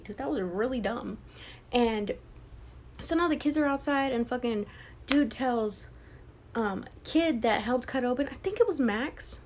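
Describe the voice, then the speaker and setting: Her voice sitting high over slight background noise, a young book vlogger walks casually through a horror novel's story, slipping into whispers and performing the characters' swear-filled lines.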